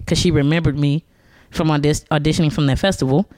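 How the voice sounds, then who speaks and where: Low-pitched and quick, this woman in her forties is a comedian guesting in a loose conversation. She spins lively stories, breaks into frequent laughter, and drops into different character voices, recorded with no room sound.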